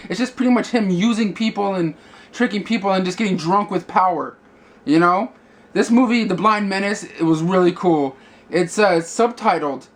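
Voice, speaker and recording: A man's voice: high-pitched, normal speed. A man giving a casual movie review, rambling with many fillers and restarts.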